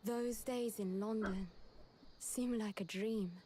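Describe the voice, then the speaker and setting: A woman's voice: mid-range voice, fairly even intonation, takes it slowly, noisy background, natural voice. Susato, a woman voicing a courteous young woman. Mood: earnest. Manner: formal, courteous speech. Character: polite young Japanese woman, gentle and earnest. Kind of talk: video game voice acting. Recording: game audio over loud music.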